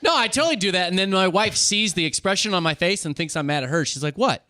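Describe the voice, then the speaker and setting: A man's voice: high-pitched, animated, sharp tone, dry recording, clean studio sound. A man co-hosting a podcast in casual chat, self-deprecating as he tells his story. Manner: self-deprecating, talks quickly. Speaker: podcast co-host.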